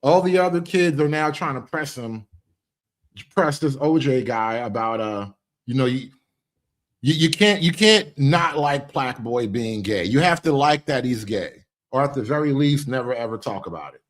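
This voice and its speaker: A man's voice: medium pitch, animated, normal speed. A man hosting a reaction commentary show, talking in an opinionated way and often restarting his phrases. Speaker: commentary host.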